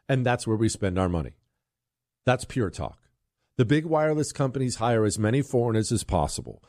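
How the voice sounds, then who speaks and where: A man's voice: mid-range voice, no room sound, clean studio sound. A man hosting a talk radio show, combative and emphatic, delivering an opinionated monologue and a live ad read. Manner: combative, emphatic, rising to loud peaks. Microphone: studio microphone.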